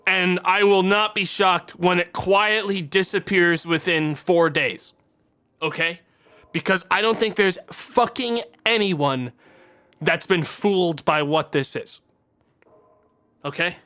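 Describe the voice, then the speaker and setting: A man's voice: sits high, takes it slowly, sharp tone, clear, resonant tone. A man streaming live, ranting with exasperation and heavy swearing to his chat. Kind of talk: angry live-stream rant.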